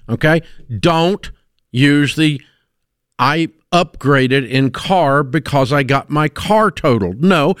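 A man's voice: fairly high pitch, smooth, no echo, studio quality. Blunt, emphatic man hosting radio. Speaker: radio talk show host. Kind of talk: call-in radio commentary.

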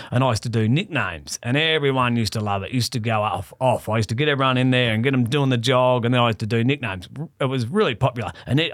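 Australian comedian telling a yarn. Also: male voice, medium pitch, no echo, clean studio sound. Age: 40s. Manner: animated, swearing storyteller who laughs often. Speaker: comedian guest. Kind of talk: casual storytelling chat.

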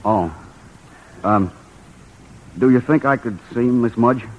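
An actor playing an earnest poor young playwright. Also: male voice, medium pitch, slow pace, close to an everyday voice. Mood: polite. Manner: earnest, pleading. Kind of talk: 1940s radio drama acting. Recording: lo-fi old radio broadcast with hiss.

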